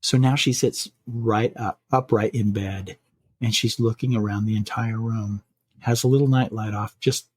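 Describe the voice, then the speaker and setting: A man hosting a podcast, telling a scary bedtime story in a measured way, slowing down for suspense. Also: lowish voice, fairly even intonation, darkish tone, slight background noise. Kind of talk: spooky bedtime story narration.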